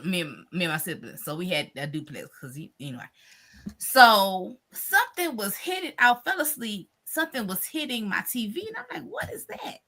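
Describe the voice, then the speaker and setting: A woman hosts a casual livestream chat, spinning stories with dramatic flair and quick laughs. Her voice is bright and ringing, with pitch that swoops up and down. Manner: animated storyteller, laughing, dramatic. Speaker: livestream host.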